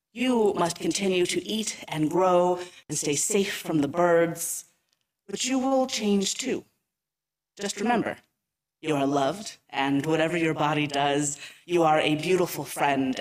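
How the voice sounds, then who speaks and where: A woman voicing a gentle, wise butterfly in a children's story, speaking softly and reassuringly. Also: low voice, poor audio. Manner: soft, tender and reassuring. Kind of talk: reading a children's story aloud.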